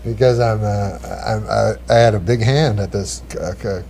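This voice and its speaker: A man's voice: lowish voice, moderate pace, creaky, mellow, a little hiss or hum. Rambling male talk show guest. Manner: meandering, full of "you know" and restarts.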